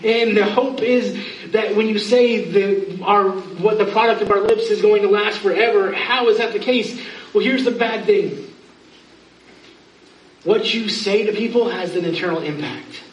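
A man's voice: sits high, unhurried. Brief: man in his thirties, a pastor preaching earnestly, faint room noise in the back. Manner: earnest, pleading, with self-mocking asides. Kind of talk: sermon. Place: church sanctuary. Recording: echoey room, from far off.

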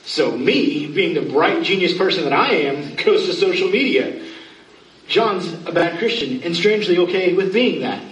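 A man's voice: sits high, animated, normal speed, a bit bright. Brief: man in his thirties, a pastor preaching earnestly, faint room noise in the back. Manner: earnest, pleading, with self-mocking asides. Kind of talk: sermon. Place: church sanctuary. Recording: echoey room, from far off.

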